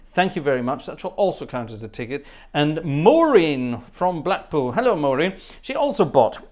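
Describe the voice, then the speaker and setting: A man hosting a casual livestream, chatty and rambling, laughing often and thanking viewers by name. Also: medium pitch. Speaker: livestream host and organist. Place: home studio.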